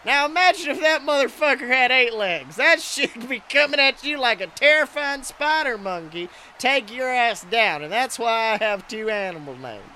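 A man voicing a crude, excitable wrestling announcer who calls the action in profane play-by-play. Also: very high-pitched, normal speed, hardly any pauses, a little hiss or hum, full character voice. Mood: excited. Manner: profane, excitable, shouts big moves. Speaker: wrestling commentator character. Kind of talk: comedic play-by-play commentary.

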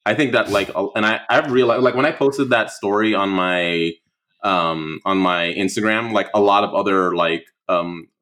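A young man speaks in a low, relaxed register as a guest in a casual conversation. He rambles, circling back with fillers and restarts as he works through his thoughts. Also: moderate pace.

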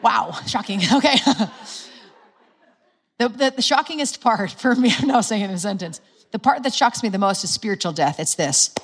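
A woman preaching a sermon in a church, earnest, asking the crowd questions and laughing at her own slips. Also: medium pitch.

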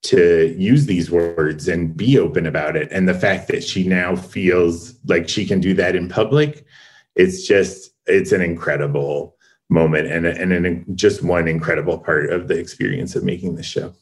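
Man, deep voice, interview talk, thoughtful, restarts sentences. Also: normal speed, rough recording. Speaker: co-creator of a series.

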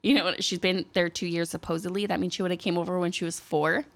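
A woman's voice: lowish voice, quick pace. A young woman from Southern California co-hosting a podcast, telling a story in casual chat and breaking into playful voices when she quotes people. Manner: chatty, animated, jumps into playful voices when quoting people. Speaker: podcast co-host.

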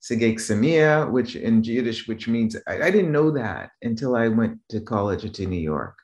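With lively intonation, a moderate pace and a darkish tone, this Boston-area man, a business trainer, rambles through casual stories. He frequently checks in with "right?" and restarts his sentences, and when quoting others he raises his pitch to act them out.

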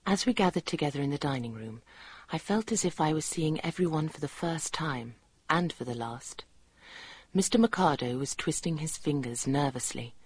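An actress in a radio play voicing a sensible nurse who narrates in an earnest, reflective way, with a husky voice. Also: female voice, low voice, lively intonation, normal speed, a little mellow. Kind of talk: first-person radio narration.

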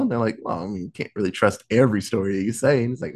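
A man's voice: lowish voice, husky. A young man casually retelling a movie's plot in a podcast, swearing often and briefly acting out the characters. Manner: animated, profane, acts out characters in quick asides. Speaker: podcast host recapping a film. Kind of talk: casual storytelling recap.

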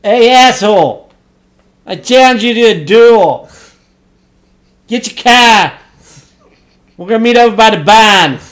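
A man putting on a loud, brash Boston tough guy. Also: high-pitched, animated, takes it slowly, pauses often, voice pushed up, full character voice. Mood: blustering. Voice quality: loud and blustery. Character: brash man with a thick local accent challenging a rival to a duel.

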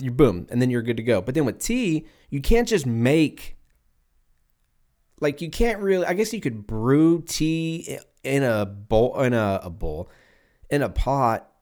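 A man in his twenties riffs alone on his podcast with a mid-pitched voice. He rambles, swears freely and laughs at his own slips, talking straight into a mic at his computer. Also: a little mellow. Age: 20s. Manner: rambling, profane, self-mocking with frequent laughs. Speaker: podcast host. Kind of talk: casual solo podcast rant.

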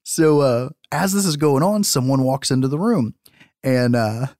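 A man's voice: medium pitch, unhurried, no room sound, studio quality. A man hosting a podcast, recapping a movie in a casual, profane way and laughing often. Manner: profane, laughing, animated storytelling. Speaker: podcast host.

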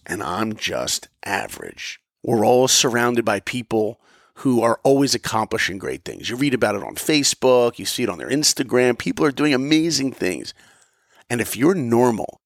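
Male motivational storyteller, gravelly voice, dry sound. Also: on the low side, no room sound. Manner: animated, acts out dialogue. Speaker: motivational podcast speaker. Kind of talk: personal storytelling talk.

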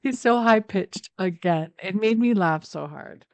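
A woman co-hosting a casual podcast, recapping a TV episode with animated storytelling. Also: medium pitch, a little slow, dry recording. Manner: animated, acts out scenes in quoted voices. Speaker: podcast co-host.

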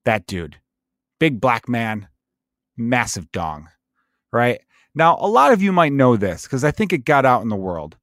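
A man's voice: medium pitch, big pitch swings, measured pace, pauses often, fairly bright tone. A man riffs alone on his podcast, crude and comic, slipping into silly mocking voices whenever he quotes someone. His voice sits in a middle register. The sound is dry and close, with no room echo. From Chicago area. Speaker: podcast host. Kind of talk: solo comedic rant. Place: home setup, remote recording.

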